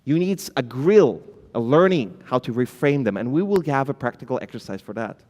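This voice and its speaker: A man's voice: mid-range voice, expressive, brisk, a little mellow, lo-fi sound. A man giving a conference talk, addressing the audience directly and acting out flustered founders stumbling over filler words. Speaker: conference speaker. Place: conference hall. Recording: long hall reverb.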